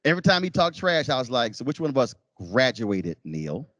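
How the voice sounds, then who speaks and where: Male keynote lecturer, lively storyteller who voices other people's lines; close, dry mic. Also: medium pitch, a little fast, no room sound. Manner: animated, acts out quotes in shifting voices. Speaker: keynote speaker. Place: lecture hall.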